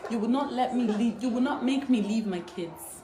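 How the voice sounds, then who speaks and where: A young woman from Africa vlogging straight to camera, her voice sitting a little high. She is indignant and hammers the same phrases again and again, swelling into defiant outbursts. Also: moderate pace, a crowd in the background, background noise. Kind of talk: emotional direct-to-camera vlog.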